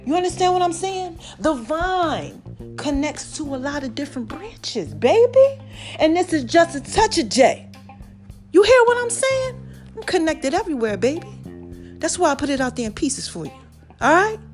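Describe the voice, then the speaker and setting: A middle-aged woman hosting a podcast, giving a casual motivational monologue, calling listeners baby and child, swinging from loud singsong exclamations to low murmurs. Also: sing-song, normal speed, soft background music. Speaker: podcast host.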